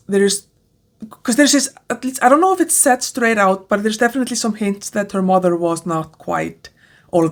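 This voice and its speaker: A woman with a non-native English accent giving a casual book review, hesitant with many fillers and restarts. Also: mid-range voice. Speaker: book vlogger.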